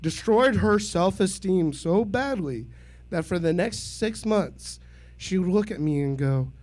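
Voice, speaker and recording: A man in his thirties does stand-up at a small club mic. His voice sits high and he takes it slowly. He is deadpan and self-deprecating and chuckles at his own lines. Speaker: stand-up comedian. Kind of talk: stand-up set at an open mic. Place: small comedy venue.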